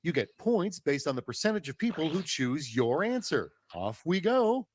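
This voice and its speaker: A chipper smug game-show host. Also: male voice, on the high side, sing-song, moderate pace, a little hiss or hum. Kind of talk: scripted game announcer.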